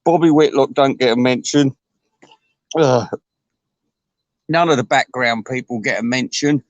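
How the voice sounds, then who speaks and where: A man's voice: mid-range voice, a little slow, no room sound, lo-fi sound. A man delivering a crude, rambling comic rant, full of restarts and asides.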